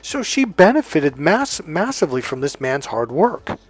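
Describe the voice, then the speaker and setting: A man talking casually as a dating coach, telling a story with lively asides and quoted voices. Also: fairly high pitch, normal speed, breathy edge, dry recording. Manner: animated, mimics voices in quoted dialogue, laughs often.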